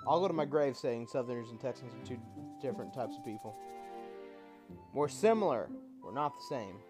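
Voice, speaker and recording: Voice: mid-range voice, expressive, fairly quick, music in the background. A gaming YouTuber giving casual let's-play commentary, chatty and swearing freely while musing aloud.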